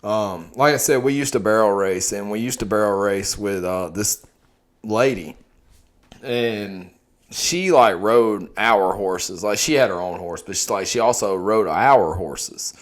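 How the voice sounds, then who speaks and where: A man's voice: fairly low pitch, a little slow. A young man, telling stories in casual, profane podcast chat as host. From Texas. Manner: profane, animated storytelling.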